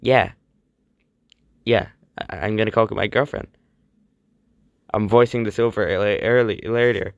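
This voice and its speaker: A man voicing a male cartoon mustard who rambles in a rushed, overwrought whine. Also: lowish voice, fairly even intonation, vocal fry, no echo, highs cut off. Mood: eager. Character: lovesick cartoon mustard guy, dramatic.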